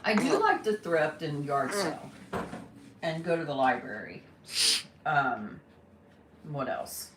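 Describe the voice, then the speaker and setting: A woman's voice: low voice, very animated, slow pace, pauses often, background noise. A woman hosting a casual live stream, chatting with viewers and coaxing her pet bird in a fond, playful way. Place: at home. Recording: roomy, distant mic, faint running water.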